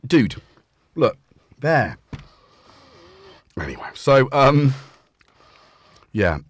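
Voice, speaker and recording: A man at home hosts a relaxed livestream, talking extremely slowly at a medium pitch with big swings up and down. The recording from his desk mic is dry, he wears headphones, and his chat rambles as he stumbles over words.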